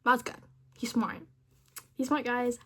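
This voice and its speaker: A young woman with a slightly high voice chats with a chatbot in a loose, rambling way. She is playful and often drops to mumbled asides between her lines. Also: little pitch movement, unhurried, a bit bright, breathy edge. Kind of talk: casual chat with a chatbot.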